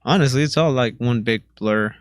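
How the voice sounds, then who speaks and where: A man's voice: medium pitch, moderate pace, no echo. Laid-back young man telling stories. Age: young adult. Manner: laid-back slangy rambling, laughs often. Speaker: guest. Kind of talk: casual storytelling.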